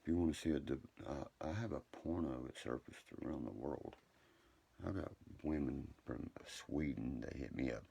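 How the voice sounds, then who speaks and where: Deep gravelly dude rambling late at night on a stream, swearing nonstop, husky voice. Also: male voice, moderate pace, warm tone. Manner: profane, rambling storytelling. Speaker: livestreamer.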